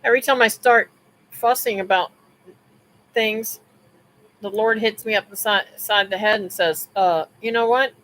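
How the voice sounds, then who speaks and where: A woman's voice: medium pitch, fairly even intonation, normal speed, long pauses, fairly bright tone, rough recording. A woman hosting a live stream, telling a personal story in a casual, rambling way with restarts, asides to viewers and religious remarks.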